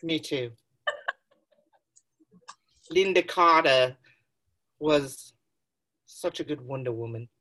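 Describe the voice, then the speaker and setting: A woman podcast co-host putting on a British accent as a playful, chummy lady with quick banter. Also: low-pitched, fairly bright tone, full character voice. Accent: put-on British. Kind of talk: casual chat in a put-on voice.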